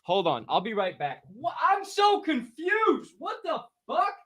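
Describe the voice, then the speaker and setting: A man hosting a casual livestream podcast, chatting and reading an ad in a rambling, profane way from a warm room at home. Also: extremely high pitch, wildly swooping pitch, a little slow, no room sound. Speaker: podcast host.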